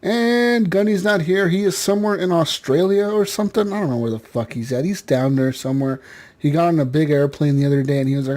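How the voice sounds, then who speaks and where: A man with a notably high speaking voice hosts a casual gaming podcast. He jokes around, laughs often and swears freely, keeping the chat loose. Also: brisk, a little mellow. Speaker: podcast host.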